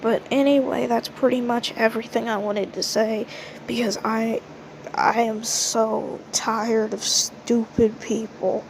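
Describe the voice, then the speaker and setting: A woman's voice: fairly high pitch, little pitch movement, measured pace, gravelly, a little hiss or hum, low-quality recording. A woman giving an indignant, ranting commentary monologue, peppered with "like". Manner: indignant, heavy use of "like" fillers. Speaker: commentary vlogger.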